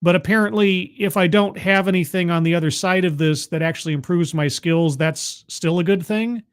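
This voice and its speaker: A man with a notably high speaking voice hosts a livestream, talking back at a video he is watching. His commentary is sarcastic and incredulous. He often stumbles and restarts his words. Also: normal speed, clear, resonant tone. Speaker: livestream host reacting to a video. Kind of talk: casual commentary.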